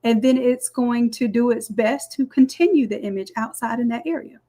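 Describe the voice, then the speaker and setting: A woman walking through a design software tutorial step by step in a chatty, explaining way. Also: fairly high pitch, moderate pace. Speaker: design instructor. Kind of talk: screen-recorded software tutorial.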